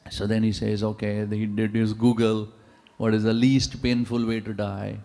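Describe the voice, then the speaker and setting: A man preaches to a congregation, telling his stories with animation and tossing rhetorical questions at the listeners. His voice has a gravelly texture and rings with the long reverb of a large temple hall. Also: fairly low pitch, normal speed. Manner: animated storyteller, asks the audience rhetorical questions. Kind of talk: sermon with storytelling.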